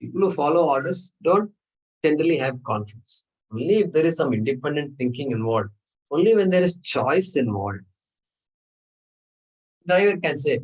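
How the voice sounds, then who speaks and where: A man's voice: a little high, very animated, normal speed, slightly rough, poor audio. A man teaching a scripture class, explaining patiently and repeating phrases, with Sanskrit terms mixed in.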